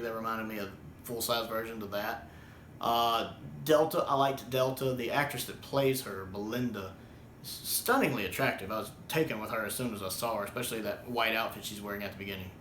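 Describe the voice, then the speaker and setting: A man's voice: fairly low pitch, fairly bright tone, echoey room, a little hiss or hum. A man from the United States giving a casual, rambling spoken review with plenty of ums and restarts. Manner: rambling, with many ums and repeated words. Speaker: video reviewer.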